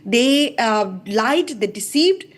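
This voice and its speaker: Impassioned woman with a high voice. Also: animated, slow pace. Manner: impassioned, emphatic, repetitive. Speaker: debate panelist. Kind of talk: live TV news debate.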